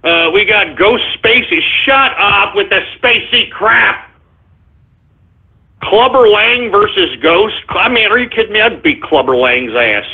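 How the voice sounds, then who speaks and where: Abrasive, high-voiced male radio host. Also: lively intonation, unhurried. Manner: abrasive, insulting, sarcastic. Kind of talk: live internet radio shout-outs and rant. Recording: tinny phone-like sound.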